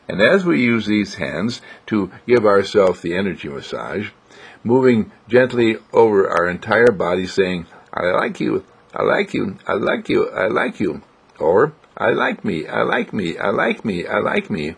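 A man gently guiding listeners through a self-healing exercise, with a coaxing, repetitive manner. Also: on the low side, breathy edge. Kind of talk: guided self-healing instruction.

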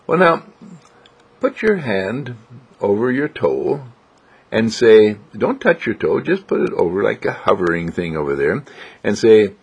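A man gently guiding listeners through a self-healing exercise, with a coaxing, repetitive manner. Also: lowish voice, sing-song, unhurried, breathy edge, lo-fi sound. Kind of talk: guided self-healing instruction.

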